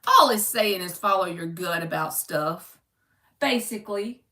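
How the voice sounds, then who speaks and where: A woman's voice: on the low side, lively intonation, unhurried, sharp tone, echoey room. A woman giving a chatty live-stream tarot reading, calling viewers "baby" and reading card meanings aloud from a book. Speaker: tarot reader.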